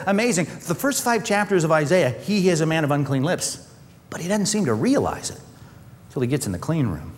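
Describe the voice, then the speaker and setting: A man preaching a sermon as pastor, animated, often acting out quoted voices. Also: fairly high pitch, quick pace. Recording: long hall reverb.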